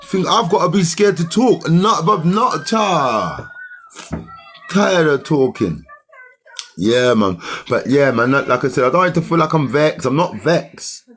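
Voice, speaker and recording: A man's voice: a little high, lively intonation, unhurried, fairly bright tone, slight background noise. A young man, ranting heatedly at commenters on a livestream in slangy, argumentative talk.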